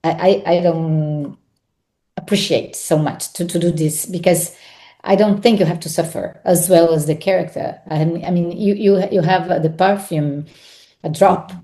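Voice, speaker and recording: Speaking in a low, warm, steady voice, an Italian-accented actress reflects on her craft as a podcast guest. English is not her native tongue, so she pauses, stumbles, and repeats words while looking for the right ones.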